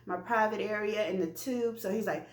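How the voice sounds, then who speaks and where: Woman vlogger, candid and chatty story to her viewers, mid-pitched voice, roomy echo. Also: normal speed. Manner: animated, chatty, addresses viewers directly.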